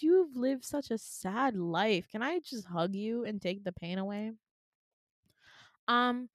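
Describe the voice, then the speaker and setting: A woman's voice: a little high, dry recording, clean studio sound. A young woman casually telling a dream story on a podcast, chatty and laughing often, swearing lightly and acting out the people she quotes. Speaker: podcast co-host.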